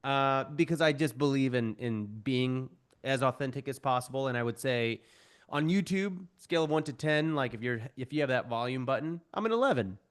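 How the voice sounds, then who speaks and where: A podcast guest in his thirties speaks in a mid-range voice. He is chatty and self-deprecating and often acts out quick voices of the people in his stories. The delivery is loose and unscripted. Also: medium pitch, clear, resonant tone. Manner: animated, self-deprecating storyteller who acts out quoted voices. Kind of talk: podcast interview.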